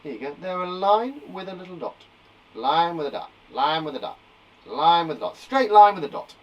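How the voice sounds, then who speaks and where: A man's voice: on the high side, sing-song, moderate pace, far from the mic, highs cut off. A man teaching a live online lesson to young children, upbeat and playful, from a small garden shed. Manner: upbeat, playful, exaggerated sound effects. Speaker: primary school teacher.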